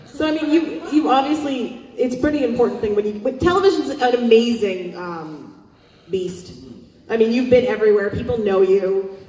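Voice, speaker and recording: A woman moderating a convention panel, chatty, with quick asides while asking questions. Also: a little high, expressive, mellow. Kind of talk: casual on-stage interview. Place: large convention hall. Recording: echoey hall, mic far off, faint noise.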